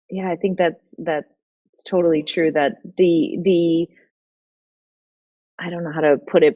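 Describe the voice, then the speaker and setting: A woman's voice: lowish voice, a little mellow, dry recording. A woman hosting a casual chat on a video call, thoughtful and searching for her words. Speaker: host. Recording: dull, lo-fi video call audio.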